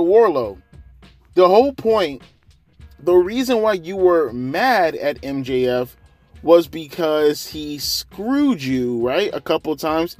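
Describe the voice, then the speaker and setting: A man's voice: on the high side, dry recording. A man ranting sarcastically through a wrestling show recap, exasperated and swearing heavily. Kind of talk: profane ranting review.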